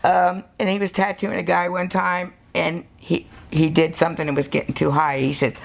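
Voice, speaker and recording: An older American woman with a low, gravelly voice tells her stories as a tattoo artist in an interview. She is animated, breaks into laughter often, and acts out the people she quotes. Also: moderate pace, hardly any pauses. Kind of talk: storytelling interview.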